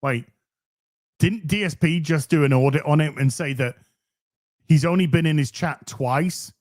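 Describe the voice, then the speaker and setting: Ranting high-voiced sarcastic man. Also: moderate pace. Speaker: commentary host. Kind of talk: profane reaction commentary.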